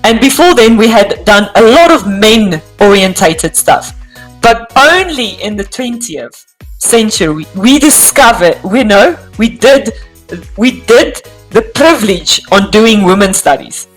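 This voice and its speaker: A woman with a South African accent talks as a guest, slowly and deliberately, pausing as she works through her thoughts. Her pitch sits in the middle, and faint music runs behind her. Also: expressive, poor audio. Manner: slow, thoughtful, hesitant. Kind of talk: reflective interview talk.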